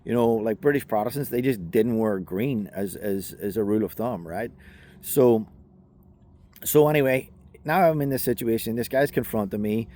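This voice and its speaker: A self-defense instructor from Northern Ireland tells a personal story casually and conversationally, with plenty of fillers. His voice is lowish and warm, and he speaks at a moderate pace.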